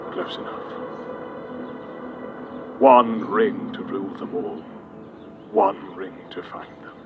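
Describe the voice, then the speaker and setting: A man voicing a grave, wise old male wizard in a deep, solemn voice, speaking slowly and dropping to a hush, in an audiobook. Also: noisy background. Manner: slow, measured, dropping to a hush. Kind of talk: audiobook character reading. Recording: loud music bed behind voice.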